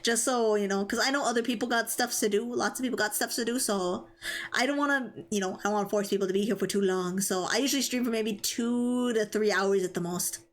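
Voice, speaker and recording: A woman's voice: mid-range voice, fast talker. A young woman streaming live, chatting casually and giggling as she reads chat and stumbles over tricky words.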